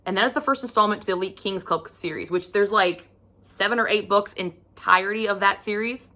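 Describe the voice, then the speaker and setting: A woman's voice: medium pitch, brisk, pushed and bright. A woman giving a casual book review vlog, emphatic and profane, acting out her own reactions.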